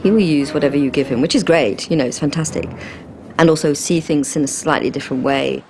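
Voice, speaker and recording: A woman's voice: low voice, fast talker, over music. A woman talking about a film in an interview in an enthusiastic, chatty way.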